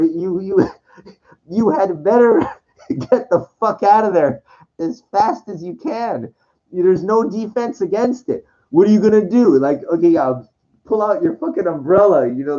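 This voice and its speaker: A man's voice: high voice, dark tone. A man rambling in a casual monologue, swearing, stammering and restarting his sentences, on a dull lo-fi recording. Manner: profane, stammering, full of restarts.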